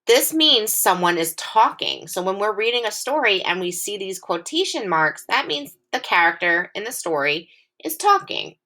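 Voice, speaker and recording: Bright, patient woman teaching phonics. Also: mid-range voice, sing-song. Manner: clear, patient, encouraging, with sample sentences read slowly and expressively. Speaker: elementary school teacher. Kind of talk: recorded phonics lesson for young children.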